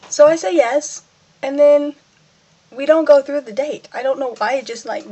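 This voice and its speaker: A woman's voice: a little slow, pauses often, dark tone, slight background noise. Rambling teenage girl vlogging. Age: teens. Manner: rambling, self-mocking, acts out her own quotes in a higher voice. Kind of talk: casual personal vlog.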